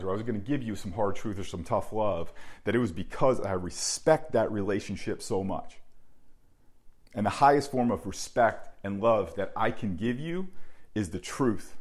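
A middle-aged man hosting a podcast and coaching baseball, talking bluntly and earnestly, often dropping low and quiet to stress a point.

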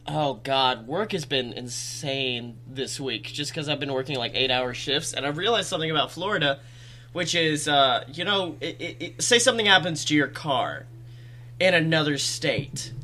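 A young man with a high voice, co-hosting a comedy podcast. His tone is bright and sharp. He spins animated, jokey stories in loose casual chat and swears freely. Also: normal speed. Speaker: podcast co-host.

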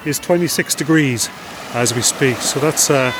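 A man's voice: mid-range voice, normal speed, noisy background. Chatty man hosting outdoors. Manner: chatty, addresses listeners as folks. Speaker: travel show co-host. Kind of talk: casual travel chat. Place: on a beach outdoors.

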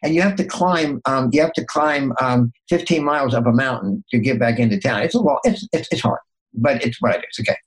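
Animated older man telling a story. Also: brisk, poor audio. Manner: animated, acts out inner dialogue with jumps in pitch; restarts and repeats words often. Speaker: podcast guest, consultant. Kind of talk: motivational storytelling.

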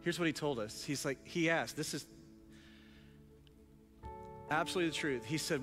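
A male pastor telling a story in a sermon, excited, with many restarts. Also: fairly high pitch, normal speed, pauses often, big-room sound, over music.

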